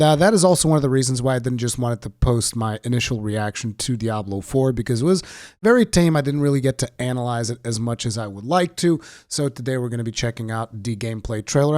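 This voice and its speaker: A man's voice: medium pitch, a little mellow, no room sound, clean studio sound. A man with a sick voice giving casual, opinionated gaming commentary with sarcastic asides.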